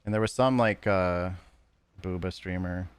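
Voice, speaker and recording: Guy streaming games, lowish voice, rambly casual chat with viewers, keeps correcting himself. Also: measured pace, smooth, no echo. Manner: rambling, loose and self-correcting. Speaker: video game streamer.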